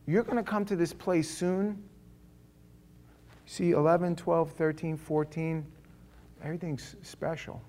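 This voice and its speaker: A middle-aged man preaching a sermon as pastor, in a conversational storytelling way that swings from hushed lines to loud ones and acts out other people's voices. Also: fairly high pitch, fairly even intonation, measured pace, long pauses.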